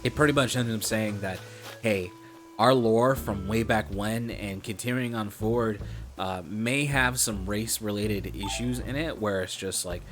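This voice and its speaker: A man's voice: fairly low pitch, unhurried, fairly bright tone, soft background music. A young man streaming a game, talking in a rambling, profane, sarcastic way. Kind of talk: casual gaming stream chat.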